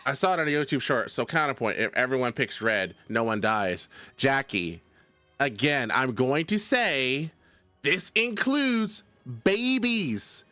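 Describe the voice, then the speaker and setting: Male streamer, lively bright voice, argues with chat, dry mic, faint music behind. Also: medium pitch, unhurried, no echo. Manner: animated, argumentative, addresses chatters by name. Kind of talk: casual live-stream chat reading viewers.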